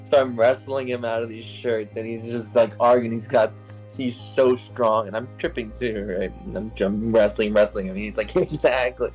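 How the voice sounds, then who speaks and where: A man's voice: on the low side, steady tone, moderate pace, few pauses, darkish tone, soft background music, poor audio. A young man casually telling a wild story as an interview guest, rambling with lots of "like" fillers, swearing and laughing as he goes.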